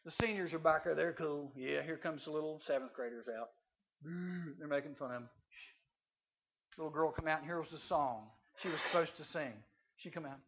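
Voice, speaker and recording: A man, speaking at a chapel to junior high students in a folksy, animated storytelling sermon. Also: moderate pace. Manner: animated, folksy, acts out voices. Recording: slightly dull, faint hiss.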